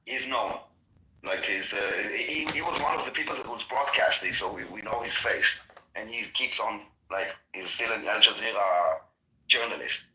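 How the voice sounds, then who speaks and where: Earnest halting man in an echoey room. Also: lowish voice, bright, forceful tone, a little hiss or hum. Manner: earnest, halting with many restarts. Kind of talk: casual political discussion.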